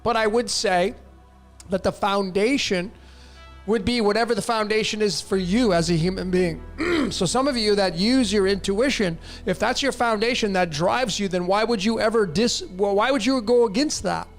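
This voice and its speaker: Male host, high-pitched, blunt, repeats for emphasis, soft music underneath. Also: moderate pace. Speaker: host answering viewer questions. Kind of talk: casual live-stream talk.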